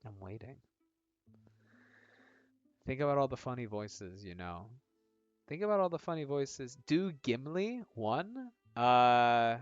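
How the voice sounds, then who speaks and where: A man's voice: mid-range voice, very animated, slow pace, pauses often, dry recording, highs cut off, faint music behind. A man narrating a tabletop-style video game on a live stream, chatty and self-mocking.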